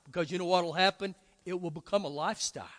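In a quick-paced sermon, this pastor's high, bright-edged voice moves from emphatic to conversational. He weaves in quoted prayers and questions his listeners might ask. The sanctuary lends his preaching a long, ringing reverb.

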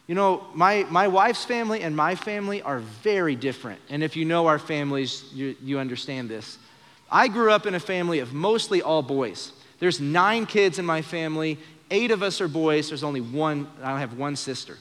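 A young man with a slightly high voice preaches in earnest, playing out quoted lines with shifting voices. The long reverb of a church hall trails behind every phrase, as at a live evening service. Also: animated, normal speed, a bit bright. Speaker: pastor. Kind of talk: sermon.

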